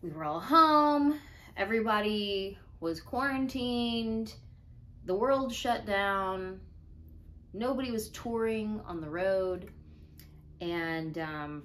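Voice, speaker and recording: A woman's voice: medium pitch, unhurried, fairly bright tone, a little hiss or hum. A woman in her thirties, a comedian talking casually to camera in a chatty, earnest way, a little out of breath. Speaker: comedian and video host.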